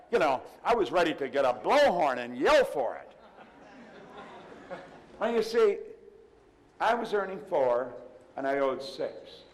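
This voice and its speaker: Before a live audience in a large room, an older man gives a motivational seminar talk, emphatically telling stories and retelling dialogue. His slightly high voice is sing-song and unhurried, with long pauses, and rings out with a long hall reverb.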